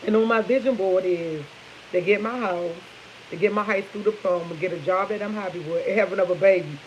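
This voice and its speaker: Speaking a little fast in a mid-range voice, this woman in her 50s hosts a casual morning coffee vlog from her kitchen. She's chatty and tells lively stories to viewers she addresses as "y'all," with the highs clipped and a faint hiss or hum underneath.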